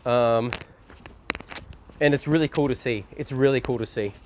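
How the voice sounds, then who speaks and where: A man's voice: mid-range voice, moderate pace, lo-fi sound. A man with an Australian accent, live-streaming from a phone as he walks outdoors, rambling casually and swearing freely as he talks to his chat. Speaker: IRL streamer. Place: outdoors on windy city streets. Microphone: phone held while walking. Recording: street noise and wind.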